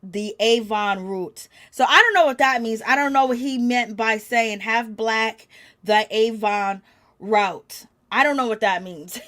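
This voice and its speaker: A woman giving a chatty, gossipy recap of a reality show, growing animated when she quotes the people in it. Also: fairly high pitch, slow pace. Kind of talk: casual recap commentary.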